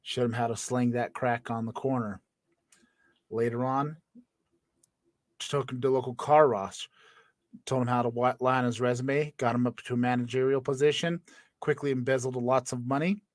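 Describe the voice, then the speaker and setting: A man's voice: mid-range voice, steady tone, moderate pace, pauses often, dry recording. A young man co-hosting a casual comedy podcast. He laughs often and makes up silly stories as he talks. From Florida. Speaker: podcast co-host.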